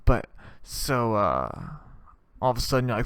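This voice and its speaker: A man's voice: mid-range voice, animated, normal speed, a bit bright, smooth, no echo. A man hosting a podcast, delivering a rambling, profane comedic monologue in which he acts out scenes. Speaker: podcast host.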